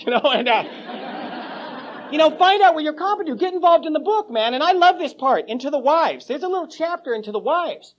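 A man's voice: extremely high pitch, lively intonation, fairly quick, slight background noise. A man telling his recovery story at a meeting, in a joking, slangy way, calling listeners "man" and "bro". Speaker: AA meeting speaker. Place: meeting room before a live audience. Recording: lo-fi old cassette tape.

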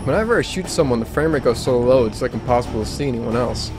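A man giving sarcastic, exasperated let's play commentary, often yelling at the game. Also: mid-range voice, lively intonation, fast talker, over loud music. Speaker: gaming channel host.

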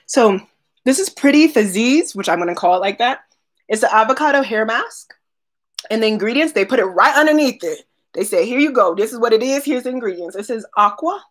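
A chatty woman talks her viewers through an unboxing on a live stream. Her voice sits fairly high and has a husky edge. She addresses her viewers by name and laughs often. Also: a bit bright. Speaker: unboxing vlogger. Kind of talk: casual live-stream chat.

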